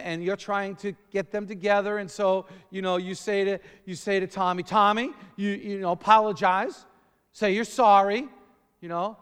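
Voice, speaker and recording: Animated high-voiced male preacher. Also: clear, resonant tone, big-room sound. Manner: animated, call-and-response preaching. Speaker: pastor. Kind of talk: sermon.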